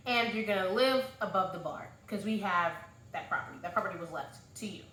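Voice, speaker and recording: A woman's voice: medium pitch, fairly quick, bright, forceful tone, pitched below the performer's own voice, close to an everyday voice. A woman voicing a matter-of-fact middle-aged stepfather who explains things in a businesslike way, recorded in an echoey room.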